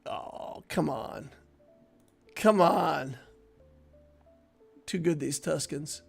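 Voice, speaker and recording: A man streaming a game with a high, gravelly voice, unhurried as he banters with his chat and breaks into laughter often. Faint music plays behind him. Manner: playful, chatting with viewers and laughing easily. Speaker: gaming streamer. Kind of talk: casual live-stream game commentary.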